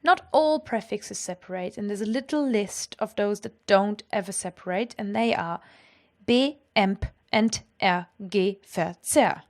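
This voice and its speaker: A woman explaining grammar in a clear, patient lesson. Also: medium pitch, unhurried. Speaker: language teacher.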